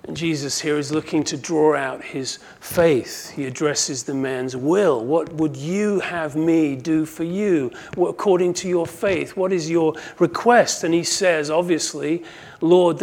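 A man preaching a sermon, who acts out the quoted cries and moves from hushed asides to loud, impassioned calls. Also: on the high side, takes it slowly, creaky. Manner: swings from hushed to shouting when quoting cries; dramatizes quoted voices.

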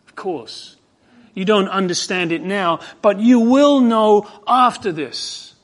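A man preaching an expository sermon, fervent and emphatic, dropping to hushed tones and rising to ringing emphasis. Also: sits high, takes it slowly.

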